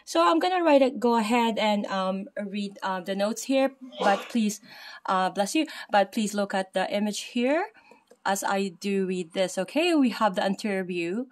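A woman presenting an anatomy lesson over slides, reading her notes aloud with many fillers and slowing down to spell out terms. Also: medium pitch, expressive.

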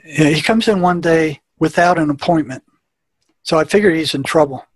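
A man's voice: a little high, moderate pace, slightly rough, no room sound. A man, a former prison therapist, telling an anecdote in conversation and acting out the dialogue in a plain-spoken way.

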